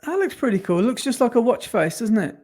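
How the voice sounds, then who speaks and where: A man's voice: very high-pitched, very animated, quick pace, darkish tone. Chatty man co-hosting a podcast. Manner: chatty, rambling, self-correcting. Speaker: podcast co-host. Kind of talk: casual chat.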